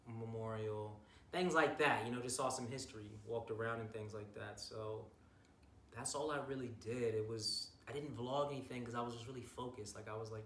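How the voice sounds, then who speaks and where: In a lowish, fairly bright voice, a young bodybuilder vlogger rambles through a casual, hyped recap of his bodybuilding show, swearing a lot. The audio is roomy and distant from the mic, with faint noise.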